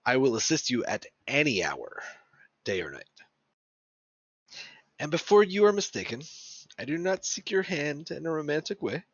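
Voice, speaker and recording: Pompous, lively man on lo-fi voice chat. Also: mid-range voice, dry recording. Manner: exaggerated, pompous mock-formal reading. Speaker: podcast co-host. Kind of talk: casual banter, reading a chat message aloud in a pompous voice. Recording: dry, dull lo-fi voice-chat audio.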